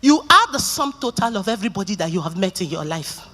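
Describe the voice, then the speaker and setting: A woman's voice: mid-range voice, fast talker. A middle-aged Nigerian woman giving a keynote talk, telling stories and joking with the audience. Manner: lively storytelling, joking with the audience. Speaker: conference speaker. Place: conference hall. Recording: reverberant conference hall.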